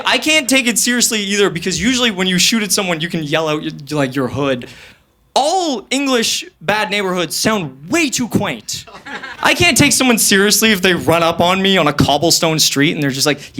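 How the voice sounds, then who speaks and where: Young male stand-up comic, higher pitched and very animated, energetic and self-mocking. Stage mic, live club recording with clear audience noise. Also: moderate pace. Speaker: stand-up comedian. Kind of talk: stand-up comedy. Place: stage of a comedy venue.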